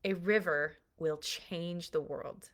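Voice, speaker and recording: A woman's voice: fairly low pitch, slow pace, fairly bright tone. A woman parenting coach giving an earnest, emphatic recorded lesson built on analogies.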